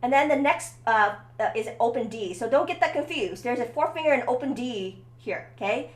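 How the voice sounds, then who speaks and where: Female violin teacher, higher voice, encouraging coaching, room with echo, faint violin behind. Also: lively intonation, brisk. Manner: encouraging, coaching, keeps checking in with "okay?". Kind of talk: one-on-one violin lesson. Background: faint violin playing.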